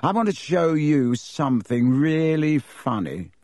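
A man voicing an arrogant, sneering schoolboy with a slow drawl in a storybook reading. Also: on the high side, very animated, a little mellow, no echo, studio quality, pitched above the performer's own voice.

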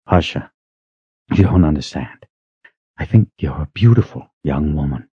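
A man voicing a captive young wizard in an audiobook, speaking quietly and firmly. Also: a bass voice, expressive, measured pace, husky, no echo, lo-fi sound, full character voice. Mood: restrained. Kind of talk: audiobook character voice.

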